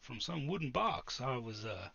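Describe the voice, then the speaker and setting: Crude cursed adventurer with a strange accent, bright and gravelly, voiced by a man. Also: medium pitch, sing-song, moderate pace, dry recording, lo-fi sound, heavily acted. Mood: wry.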